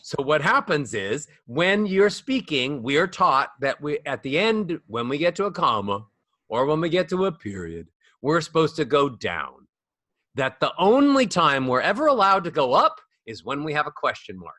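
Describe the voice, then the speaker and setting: A man teaching as a voice coach guest on a podcast, animated and demonstrating rising and falling speech melodies. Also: on the high side, normal speed, no echo, clean studio sound. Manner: demonstrates speech melodies with sung-up acted examples. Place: studio.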